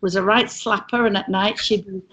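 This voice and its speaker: A woman's voice: mid-range voice, steady tone, normal speed, fairly bright tone. A middle-aged English woman, a former cruise ship entertainer, telling chatty, self-mocking stories on a video call. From England. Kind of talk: casual storytelling on a video call.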